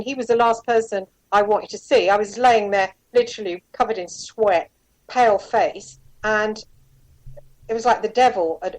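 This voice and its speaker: This dry, poor-quality clip features a former private investigator, a woman of medium pitch, speaking as an interview guest. Her personal story wanders, and she's candid, tossing in asides and quoting what people said.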